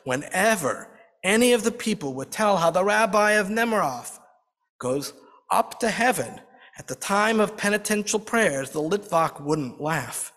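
A man's voice: high-pitched, a bit bright. A man narrating a folk tale dramatically, with varied emphasis, as a storyteller in a large hall.

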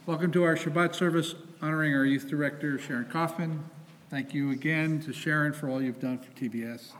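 A man's voice: on the high side, steady tone, a little fast, fairly bright tone. A man, the temple president, making light, joking announcements at a service in a synagogue sanctuary. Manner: joking, upbeat. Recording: long hall reverb.

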